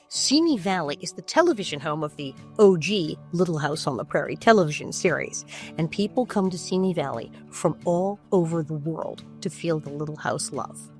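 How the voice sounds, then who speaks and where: A woman reading a scripted sponsor ad in a smooth, promotional manner. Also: lowish voice, a little mellow. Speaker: sponsor announcer. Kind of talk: scripted ad read.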